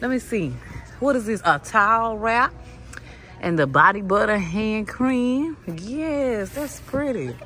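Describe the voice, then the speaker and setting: This vlogger speaks slowly in a slightly high, bright, animated voice with a forceful tone. She films herself shopping at a discount clothing store and chats casually with viewers, whom she calls "y'all."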